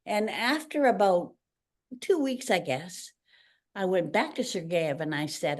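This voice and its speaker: A woman's voice: lowish voice, measured pace. An older woman from Canada, a retired ballerina, telling stories in a casual interview and acting out the voices of the people in them. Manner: animated storyteller acting out quoted voices. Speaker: guest, retired ballerina and teacher.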